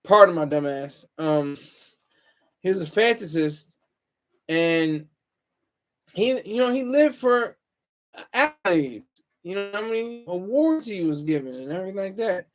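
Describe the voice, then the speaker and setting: A man's voice: sits high, animated, a little slow, pauses often. A man talking alone on his livestream, rambling and opinionated, often stopping to correct himself. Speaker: streamer. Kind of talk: casual solo livestream monologue.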